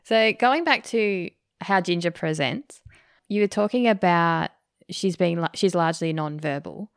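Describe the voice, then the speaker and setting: A woman hosting a podcast, asking measured, thoughtful interview questions. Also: lowish voice, gravelly, clean tone, no room sound, clean studio sound. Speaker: podcast host.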